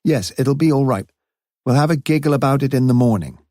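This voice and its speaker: A man's voice: medium pitch, fairly quick, mellow, dry recording, studio quality, pitched above the performer's own voice, close to an everyday voice. A man doing a flustered, eager landlady. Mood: chatty. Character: fussy, anxious middle-aged landlady. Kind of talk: audiobook character voice.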